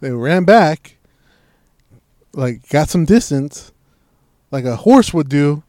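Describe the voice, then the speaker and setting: A young man tells a rambling story in casual chat, full of swearing and quoted exchanges he acts out. His voice sits a bit high, and the recording is dry and close. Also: slow pace, no room sound. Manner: profane, animated storytelling, voices quoted people.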